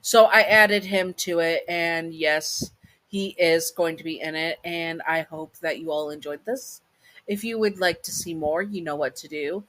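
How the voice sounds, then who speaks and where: A woman's voice: low-pitched, steady tone, a little slow, a bit bright, no room sound, rough recording. A woman hosting her own channel, narrating a story and then rambling chattily through her outro with many asides.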